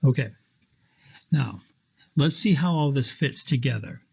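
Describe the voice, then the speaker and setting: A man's voice: medium pitch, expressive, unhurried, creaky, a little mellow, slightly rough, dull audio. A man teaching Latin in a screen lecture, explaining patiently step by step with small self-corrections. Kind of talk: screen lecture walking through an example.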